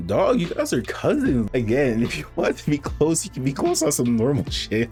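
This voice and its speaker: A man giving reaction commentary, animated and slangy, who breaks into laughter often. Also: mid-range voice, moderate pace, hardly any pauses, breathy edge, soft background music. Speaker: commentary YouTuber.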